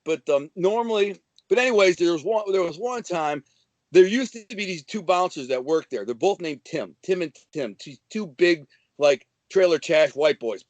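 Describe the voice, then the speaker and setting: A man from Detroit with a notably high voice spins swaggering stories as a guest, talking casually and bursting into animated, profane asides. The sound is close and dry, with no room around it. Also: moderate pace, no room sound, dull audio. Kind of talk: casual storytelling.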